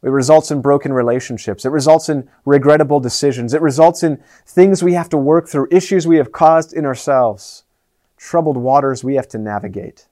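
A man preaching a sermon as pastor, earnest, moving between raised and hushed delivery. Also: mid-range voice, brisk.

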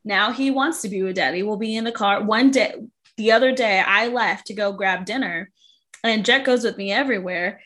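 A mother co-hosting a podcast, talking in a lively way and leaning on "like". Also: medium pitch, moderate pace. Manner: animated, leans on "like". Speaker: podcast co-host. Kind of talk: casual chat.

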